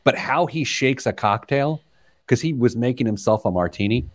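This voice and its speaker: In casual conversation on his personal finance podcast, a man in his forties spins animated stories, laughing often and straying into tangents. He speaks at a moderate pace with a medium pitch.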